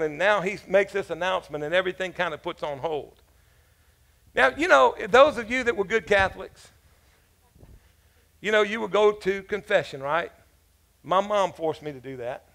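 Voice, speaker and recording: This pastor's voice sits high and is creaky with a sharp tone. Preaching in church, he uses a casual, joking storytelling style and turns aside to address the congregation.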